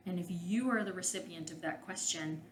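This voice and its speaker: A woman's voice: lowish voice, brisk, roomy sound, slight background noise, low-quality recording. A woman, a couples therapist and podcast host, giving frank, direct advice in a solo monologue.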